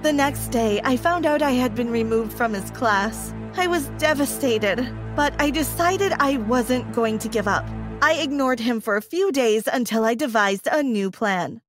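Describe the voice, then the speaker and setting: A woman's voice: on the high side, animated, a little slow, over music. A woman narrating a dramatic first-person story, emotional and acting out her own lines with big swings.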